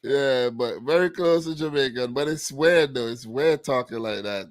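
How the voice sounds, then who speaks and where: In a dry recording, this co-host speaks at normal speed with a medium-pitched voice. He's a man from Saint Vincent with a Vincentian accent, chatting about football in an easygoing, slangy manner and drifting into island dialect.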